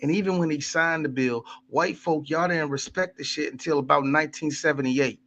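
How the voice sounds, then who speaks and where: A man co-hosting a podcast, talking in heated, profane bursts that swing up and down in pitch. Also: brisk, fairly bright tone. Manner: impassioned, profane, sweeping in pitch. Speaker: podcast co-host. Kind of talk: heated casual discussion.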